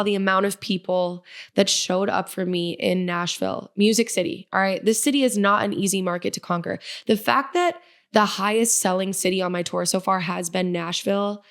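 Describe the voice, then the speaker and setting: Young woman, podcast host, casual solo talk, upbeat, gushing, mid-range voice. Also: medium pitch. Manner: upbeat, gushing, earnest motivational. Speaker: podcast host, independent musician. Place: Nashville.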